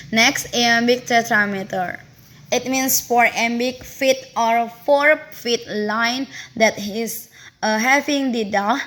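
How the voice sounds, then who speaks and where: A woman reading out a prepared analysis of a poem, in a careful, halting way with fillers and self-corrections. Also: a little high, fairly bright tone.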